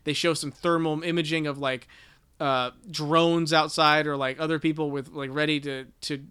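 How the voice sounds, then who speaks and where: Bright, crisp-voiced man recapping casually. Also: fairly high pitch, level tone, normal speed. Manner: rambling, profane summarizing with many fillers. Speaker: podcast co-host. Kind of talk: casual book discussion.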